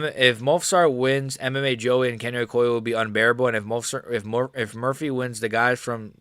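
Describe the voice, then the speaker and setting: A man's voice: mid-range voice, a bit bright, smooth, no echo, clean studio sound. A young man doing casual live commentary on a fight stream, with slangy, rambling speech and blunt, mocking opinions. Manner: slangy, rambling, frequent "bro" and "like".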